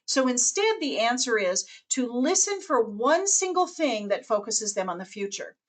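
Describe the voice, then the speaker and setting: Animated woman giving a webinar talk. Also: fairly high pitch, moderate pace. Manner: animated, acts out quoted voices. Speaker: webinar presenter. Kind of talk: webinar presentation.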